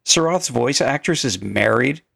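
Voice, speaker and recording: A man's voice: medium pitch, expressive, measured pace, creaky, a bit bright, no room sound, clean studio sound. A man co-hosting a podcast in casual chat, joking and breaking into playful quips. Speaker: podcast co-host.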